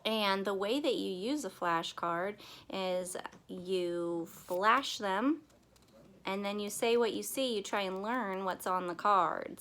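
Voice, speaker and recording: A young woman teaching young children in a gentle, playful way, sometimes singing and acting out her class. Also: medium pitch. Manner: slow, gentle and playful, sings and acts out the class. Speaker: pre-K teacher. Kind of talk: children's lesson video.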